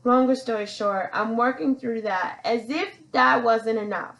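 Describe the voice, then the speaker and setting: Gravelly, fairly high-voiced woman storyteller. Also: unhurried, fairly bright tone, poor audio. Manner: rambling, chatty, self-referring as "your girl". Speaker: podcast host. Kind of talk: casual personal storytelling.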